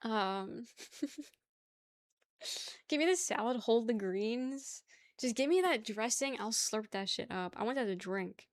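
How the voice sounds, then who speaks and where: A woman's voice: on the high side, unhurried, no echo. Chatty young woman streamer, dry sound. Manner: rambling, swears casually, laughs often. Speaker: livestream host. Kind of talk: casual chat with chat viewers.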